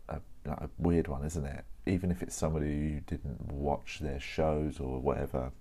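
A man's voice: rumbling low, flat delivery, normal speed, dark tone. A man hosting a podcast, chatting casually and rambling at his desk, often correcting himself. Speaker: podcast host. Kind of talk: casual solo chat.

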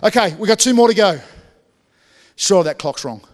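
A man's voice: high voice, expressive, normal speed, long reverb tail. A man preaching a sermon in a church, talking conversationally, joking with the congregation, and often restarting his sentences. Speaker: pastor.

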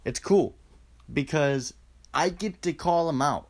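A man with a slightly higher-than-usual voice rants straight at the listener in a loose, profane monologue. He keeps restarting his sentences and firing off rhetorical questions as he goes. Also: lively intonation, slow pace. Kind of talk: casual ranting monologue.

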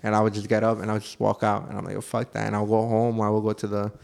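A man's voice: on the low side, very fast, creaky. Young man telling stories, swearing, laughing. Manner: animated storytelling, swears often, laughs through punchlines. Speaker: podcast co-host. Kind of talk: casual chat.

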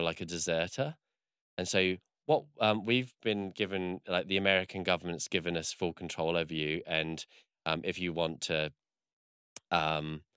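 A man's voice: deep voice, a bit bright, clear, resonant tone, no room sound, clean studio sound. A man in casual chat, rambling through a story with lots of fillers and swearing.

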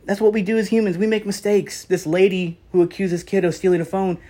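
A man's voice: sits high, level tone, quick pace, mellow. A man hosting a podcast, talking through a news story in a rambling, opinionated way and acting out what people said. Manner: rambling, opinionated, acts out quotes. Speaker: podcast host. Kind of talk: casual commentary monologue.

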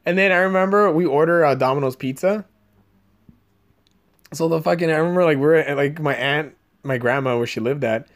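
A young man hosts a podcast from the Los Angeles area, chatting casually and spinning meandering stories laced with swearing. He speaks a little fast, in a slightly high voice.

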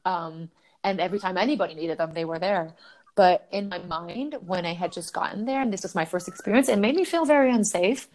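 As a podcast guest, a woman tells a personal story with lots of energy, laughing easily and swearing without fuss. She keeps slipping into voicing her own thoughts as quotes. Her voice is on the low side and darkish, and she talks briskly.

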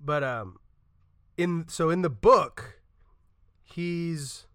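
A man co-hosting a podcast talks in a casual, swearing-heavy chat, acting out lines from scenes he describes. His voice is bright and forceful and sits a little high. The sound is close and dry, with no room around it. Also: very slow, dry recording. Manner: profane, animated retelling with acted-out quotes. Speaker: podcast co-host.

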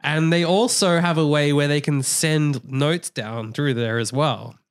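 A man's voice: a little high, a little slow, clean tone. A man co-hosting a podcast in casual chat, laughing often, teasing and crude. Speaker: podcast co-host.

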